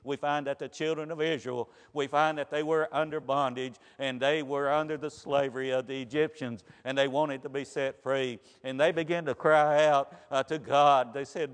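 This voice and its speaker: A man's voice: mid-range voice, steady tone, normal speed, few pauses, smooth. A man preaching a sermon, giving earnest testimony that rises to fervent emphasis. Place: church sanctuary. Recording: church hall reverb.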